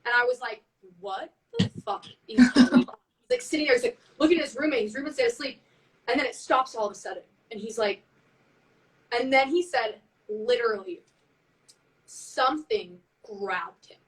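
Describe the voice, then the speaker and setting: A woman telling a spooky story in casual chat on a live stream, animated and full of "like", acting out what people said. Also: a little high, normal speed, far from the mic, rough recording. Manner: animated, heavy use of "like", acts out quotes. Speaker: band member on a live stream.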